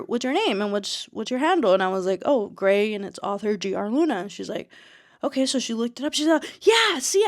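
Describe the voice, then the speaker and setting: A young adult woman, an author telling a story in a casual vlog, chatty and excitable with many fillers and restarts, slightly out of breath. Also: fairly high pitch, no echo, clean studio sound. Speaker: author and vlogger.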